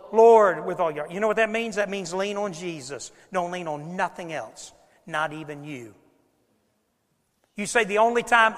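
A man preaching a sermon to his congregation, swinging between loud emphasis and quiet lines and acting out the people he quotes. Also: high-pitched, big-room sound. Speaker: pastor. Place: church sanctuary.

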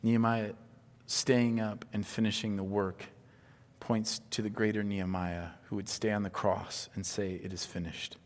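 A man's voice: fairly low pitch, level tone, moderate pace. Man preaching in a reverberant hall. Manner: swings from hushed whispers to loud emphatic preaching. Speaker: pastor. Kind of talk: sermon.

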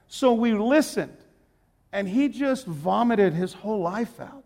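A man preaching as an evangelist, telling a story and repeating his key points with emphasis, swinging between hushed and loud. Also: extremely high pitch, animated, a little slow. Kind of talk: sermon with story. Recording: hall reverb.

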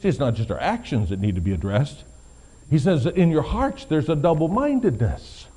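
A middle-aged man preaching a sermon as pastor, swinging from quiet, low passages to loud, emphatic ones. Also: sing-song, moderate pace, husky.

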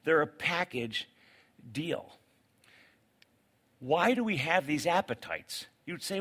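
A male pastor preaching a sermon to a congregation. He is animated, swinging between loud outbursts and quiet, pleading asides. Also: on the high side, takes it slowly, long pauses, breathy edge. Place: church sanctuary with congregation.

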